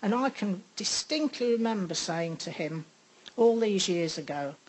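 An older woman giving a personal faith testimony, reflective and pausing often with ums. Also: mid-range voice, animated, darkish tone, poor audio. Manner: unhurried, reflective, with frequent pauses and ums. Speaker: speaker sharing a faith testimony.

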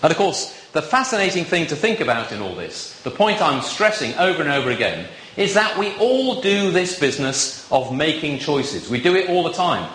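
A man's voice: a little high, sing-song, moderate pace, few pauses, fairly bright tone. A man preaching a sermon in a church, chatty and playfully teasing his congregation. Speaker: visiting preacher. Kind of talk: sermon with audience banter. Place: church with box pews. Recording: echoey church room.

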